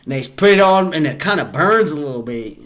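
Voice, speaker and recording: A man's voice: a little high, lively intonation, brisk, a bit bright. A man hosting a reaction video, chatting casually and laid-back, laughing often and calling people "bro". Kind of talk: casual chat reacting to clips.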